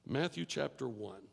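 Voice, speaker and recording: A man preaching a sermon as pastor, telling a story and then building to shouted repetitions and call-and-response with the congregation. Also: mid-range voice, gravelly, husky. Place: church sanctuary. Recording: long reverb of a large hall.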